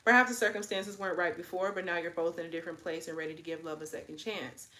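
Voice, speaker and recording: A woman's voice: fairly low pitch, steady tone, fast, bright, forceful tone. Slangy woman in her twenties reading tarot. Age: 20s. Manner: chatty, slangy, keeps tagging lines with "okay?". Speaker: tarot reader. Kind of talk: casual pick-a-card tarot reading.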